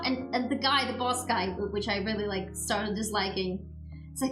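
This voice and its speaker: High-voiced woman ranting on stream. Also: fairly even intonation, moderate pace. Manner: ranting, swearing, exasperated. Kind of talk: casual stream chat. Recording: roomy echo with background music. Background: background music.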